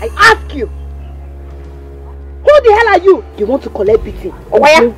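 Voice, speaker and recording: A woman's voice: on the high side, very animated, quick pace, over music. A woman playing a taunting young bully. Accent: Nigerian. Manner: loud and insulting.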